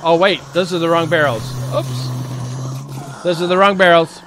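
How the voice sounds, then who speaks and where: With background noise behind him, a streamer talks at a quick pace in a fairly high voice that stays fairly even. He livestreams a survival game in a relaxed, joking way, trading banter with his chat and calling out to the zombies.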